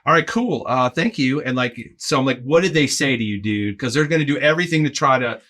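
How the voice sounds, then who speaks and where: A bright, forceful man's voice, middle-aged, spinning a story for a podcast host. He jumps into the voices of the people in his tale and keeps checking in with "right?" as he goes. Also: medium pitch, brisk. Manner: animated, acts out quoted voices, lots of "like" and "right?". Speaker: podcast guest, arena in-game host. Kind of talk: casual anecdote telling.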